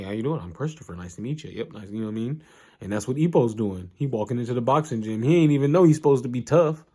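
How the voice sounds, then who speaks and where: A man casually recapping an anime in a relaxed, slangy way, full of asides and fillers. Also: fairly low pitch.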